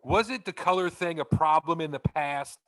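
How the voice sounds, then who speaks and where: A man's voice: fairly high pitch, moderate pace, fairly bright tone. A man co-hosting a podcast, blunt and opinionated, often stammering as he restarts. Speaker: podcast co-host. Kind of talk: casual chat.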